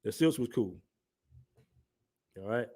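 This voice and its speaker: A man's voice: medium pitch, expressive, takes it slowly, warm tone. A young man from the southern United States with an African American Vernacular English accent, hosting a livestream in loose, joking talk full of slang and reading the chat aloud. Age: young adult. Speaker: livestream host.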